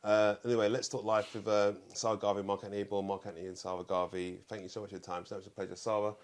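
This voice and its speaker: A man hosting a talk show in casual conversation, earnest, often pausing to search for words. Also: on the low side, little pitch movement.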